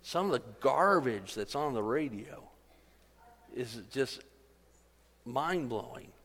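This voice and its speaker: A middle-aged man preaching a sermon in a conversational, animated way, building to excited emphasis. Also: medium pitch, slow pace. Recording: long hall reverb.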